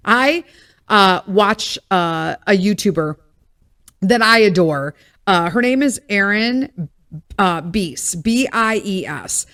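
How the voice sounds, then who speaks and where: A woman's voice: medium pitch, expressive, unhurried, a bit bright. A middle-aged woman hosting her own podcast, chatting candidly, laughing at herself and swearing freely, her voice still recovering with a cough. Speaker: podcast host. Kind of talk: casual solo chat.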